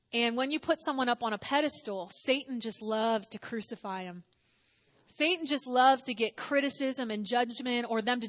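A woman's voice: fairly high pitch, fairly bright tone. A woman preaching a sermon in a conversational way, asking the audience questions and acting out quotes.

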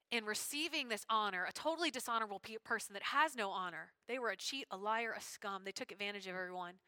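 A woman preaching a sermon in an animated, conversational way with casual slang. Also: a little high, fast talker, hardly any pauses, dry recording.

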